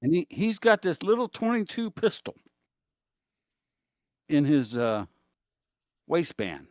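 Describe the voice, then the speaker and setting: A man's voice: a little high, very animated, takes it slowly, no echo, studio quality. A man chatting casually, rambling with hesitations as he tells old stories. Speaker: guest chatting. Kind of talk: casual chat.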